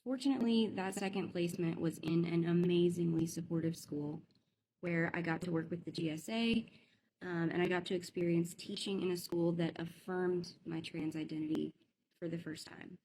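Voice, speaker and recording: Gravelly-voiced woman telling her story. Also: lowish voice, normal speed, warm tone, poor audio. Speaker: teacher. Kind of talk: video monologue. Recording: faint background noise.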